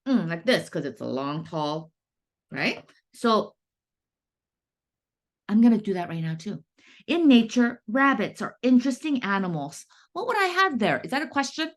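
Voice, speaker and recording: A woman teaching first graders to write, her voice swooping up and down in a patient sing-song. She stretches key words out slowly and checks in with the class often. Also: mid-range voice. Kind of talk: classroom writing lesson.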